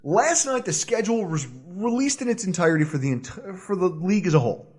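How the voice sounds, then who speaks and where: Brief: male sports podcast co-host, high voice with lively swings, loud and playful. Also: brisk. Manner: loud, laughing, playful banter. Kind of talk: casual sports podcast chat.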